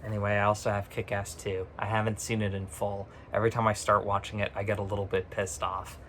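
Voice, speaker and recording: A man's voice: lowish voice, level tone, fast talker, fairly bright tone, a little hiss or hum. A man talking casually to camera, ranting with sarcasm, swearing freely and laughing often mid-sentence, recorded on a phone. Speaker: vlogger. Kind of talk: casual chat.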